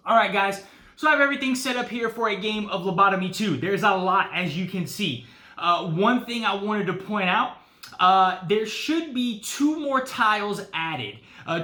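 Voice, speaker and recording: A man hosts a casual board game video and explains the rules as he goes. His voice is high and bright, and he talks in a chatty way with many fillers. The room around him is echoey. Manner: chatty, says guys and uh often. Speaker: board game channel host. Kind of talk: casual solo playthrough talk.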